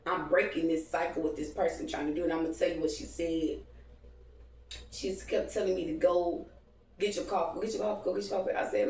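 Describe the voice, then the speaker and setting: A woman's voice: on the low side, fairly even intonation, a little fast, darkish tone, recorded from a distance. A woman telling a rambling, profane late-night story to her viewers, calling them y'all. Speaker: vlogger. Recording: echoey room, voice a bit off-mic.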